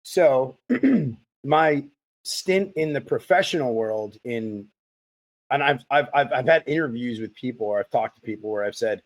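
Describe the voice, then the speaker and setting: A man hosting a podcast interview, telling stories in a rambling, animated way. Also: mid-range voice, unhurried. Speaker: podcast host. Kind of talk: casual interview chat.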